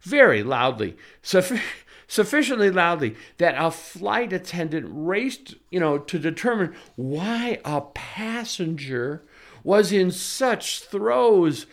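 A man's voice: high-pitched, sing-song, takes it slowly, fairly bright tone. A man telling a personal anecdote in a sardonic, indignant manner, with wordy flourishes and occasional restarts. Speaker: storyteller recounting a flight. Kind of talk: conversational anecdote.

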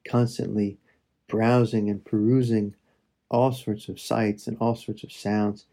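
A man leading a slow, reflective spoken prayer meditation, addressing God and his listeners with soft pauses. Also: medium pitch, vocal fry, breathy edge.

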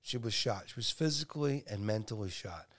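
A man in his fifties telling a long family story in casual chat, rambling and often dropping to a low murmur on the sad parts. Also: animated, brisk, fairly bright tone. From New York. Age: 50s. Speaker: guest storyteller.

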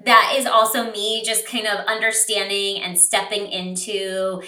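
A woman in her thirties co-hosting a podcast, talking in a candid, animated and reflective way. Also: mid-range voice, a little slow, distant mic. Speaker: podcast co-host. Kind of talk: casual podcast chat. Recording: roomy sound, a bit off mic.

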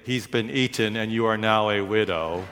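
Man putting on a gloomy deadpan boy, flat, low, in a reverberant hall. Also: normal speed, background noise, lightly acted. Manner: flat, doom-laden, deadpan.

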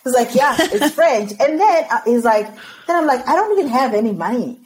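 A woman from Zimbabwe, a podcast guest, telling her story in an animated way and laughing often. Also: fairly high pitch, brisk, a little hiss or hum, rough recording.

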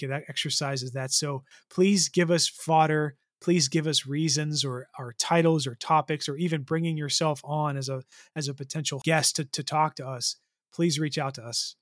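A podcast co-host with a voice on the high side talks casually at a normal speed, his tone steady and a bit bright. He rambles, restarting often, and the recording is dry and studio quality.

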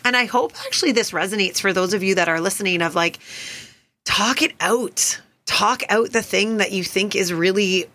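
A woman's voice: mid-range voice, normal speed, sharp tone. A woman in her thirties co-hosting a casual podcast, talking things through as a self-described verbal processor. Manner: talkative, reflective, verbal processor. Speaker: podcast co-host. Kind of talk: casual chat.

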